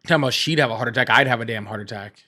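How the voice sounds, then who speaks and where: A man's voice: mid-range voice, rapid-fire, bright, forceful tone. A man hosting a casual livestream, rambling, repeating himself and laughing often. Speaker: livestream host.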